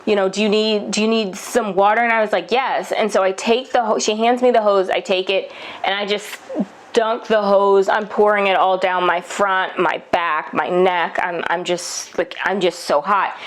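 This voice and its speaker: A young woman talks straight to her viewers, retelling a frightening day in a loose, chatty flow. She piles on fillers and restarts, laughing often as she goes. Her pitch sits in an ordinary middle range. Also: steady tone, normal speed. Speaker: vlogger. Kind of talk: casual storytelling to camera. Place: Paris.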